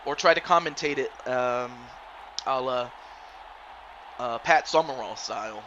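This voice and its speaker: A man's voice: medium pitch, measured pace, bright, forceful tone, lo-fi sound, a little hiss or hum. A man streaming and commentating a football video game league, casually rambling and greeting viewers by name.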